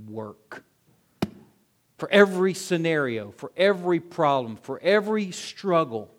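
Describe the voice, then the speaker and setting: Preaching to a congregation, this male pastor fires off one rhetorical question after another. His volume rises to forceful, loud highs and then sinks into hushed lows.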